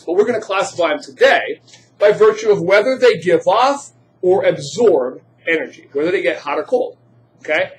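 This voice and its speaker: Chatty high-voiced male chemistry teacher. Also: a little hiss or hum. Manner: chatty, joking asides, quizzing the class. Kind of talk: classroom lecture. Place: classroom.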